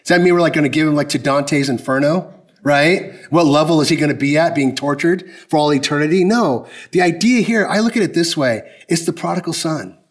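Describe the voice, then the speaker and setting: A man's voice: fairly high pitch, brisk. A man preaching a sermon in a conversational, emphatic way, often asking the congregation direct questions. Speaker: pastor.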